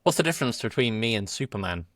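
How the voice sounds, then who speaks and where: A man's voice: medium pitch, big pitch swings, quick pace, no room sound, studio quality. Laid-back British man telling one-liners. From Britain. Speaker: podcast co-host. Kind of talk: casual comedic chat.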